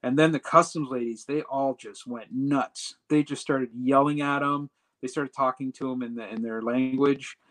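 A man telling a personal story in a casual, animated way, acting out the dialogue as he goes. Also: mid-range voice, normal speed, rough recording. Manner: animated retelling that acts out quoted dialogue. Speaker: storyteller recounting a personal trip.

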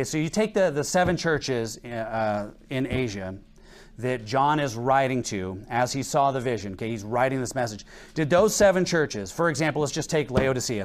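A male pastor delivering a sermon in church, reading scripture slowly and rising to emphatic peaks as he preaches. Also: mid-range voice.

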